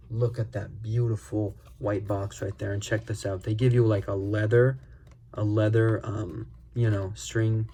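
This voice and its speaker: A man casually reviewing a pen on camera, rambling and excited, full of fillers and gushing exclamations. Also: lowish voice, husky. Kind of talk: casual unscripted product review. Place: at a desk.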